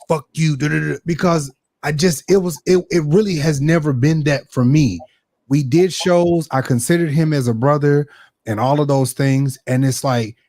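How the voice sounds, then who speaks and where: A man's voice: a little high, no room sound, clean studio sound. A man telling a story candidly and profanely, acting out the quoted back-and-forth. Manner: animated, profane, acts out quoted exchanges. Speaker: podcast guest. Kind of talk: candid storytelling in a casual talk show.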